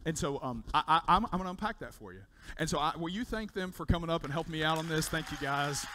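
A man preaching a sermon in church, telling a story in an animated way and repeating words as he builds up. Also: fairly high pitch, fast, noisy background. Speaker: pastor. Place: church sanctuary.

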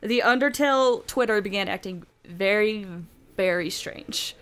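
A woman's voice: medium pitch, a bit bright, clear, resonant tone. A woman co-hosting a let's play, chatting casually in a hesitant way with plenty of 'like'. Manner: slow, hesitant, lots of 'like'. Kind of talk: casual chat.

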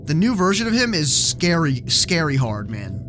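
A man's voice: on the high side, sing-song, moderate pace, music in the background. A young man commenting on a horror game as he plays, joking and swearing when startled. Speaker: let's play gamer.

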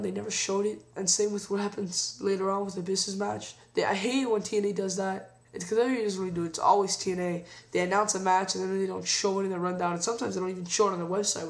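Brief: young male vlogger, gravelly, opinionated rant on the latest episode. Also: high voice. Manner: opinionated, ranting. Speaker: wrestling show reviewer. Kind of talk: casual vlog review.

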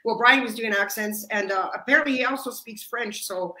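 A woman hosts a live-streamed talk show and interviews her guest in a gushing, enthusiastic way. Her voice is bright and sharp. The sound is echoey, as if from a bare room. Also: a little high, fairly quick. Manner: enthusiastic, effusive. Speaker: host.

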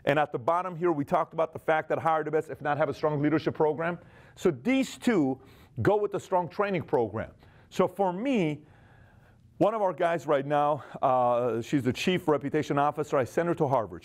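A man in his forties giving an energetic motivational business talk, acting out quick snatches of dialogue. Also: medium pitch. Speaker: business speaker.

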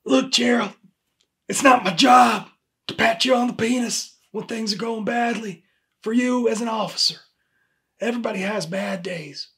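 A man's voice: very high voice, moderate pace, creaky, fairly bright tone, heavily acted. An actor playing an exasperated male human resources supervisor in a comedy sketch, speaking in a dry, pointed way and repeating the officer's name.

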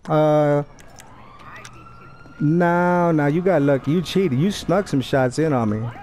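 Young male gamer, cocky taunting trash talk, slightly high voice, headset mic, faint noise behind. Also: slow pace, darkish tone. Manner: taunting, profane, boastful. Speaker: gamer streaming online play. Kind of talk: trash talk over game voice chat.

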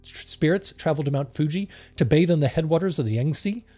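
A man's voice: a little high, expressive, brisk, mellow, soft background music. A man voicing a theatrical fake-mystic woman medium with grandiose, wailing incantations.

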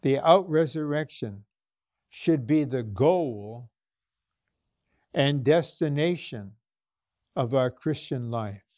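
A man's voice: medium pitch, animated, takes it slowly, pauses often, darkish tone, dry recording, clean studio sound. A man delivering a sermon to a congregation, speaking earnestly and posing rhetorical questions, with small restarts. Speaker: minister.

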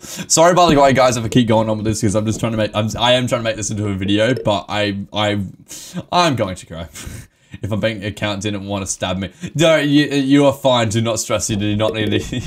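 A man live-streaming a game, excitable and emotional, swearing and laughing often as he talks to his chat. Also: fairly low pitch.

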